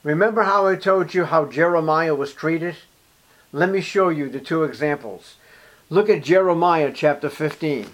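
High-voiced male preacher. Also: normal speed. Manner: emphatic, addresses listeners directly. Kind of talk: sermon.

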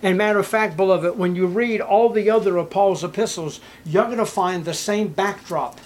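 A man's voice: high voice, normal speed. An older man preaching a sermon, reading scripture aloud and commenting with growing emotion. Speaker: pastor.

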